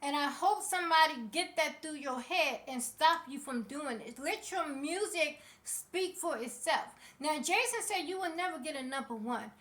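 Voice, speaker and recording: High-pitched female vlogger, heated celebrity commentary, sassy and outspoken. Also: expressive, normal speed, few pauses, a bit bright. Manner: passionate, sassy, speaks straight to people.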